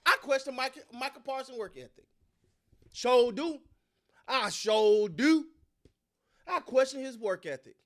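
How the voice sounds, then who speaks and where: The host of a personal sports channel speaks at a moderate pace in an extremely high-pitched voice. Chatting to viewers in an animated, slangy way, he repeats himself and gives his opinions loosely, always talking straight to the audience.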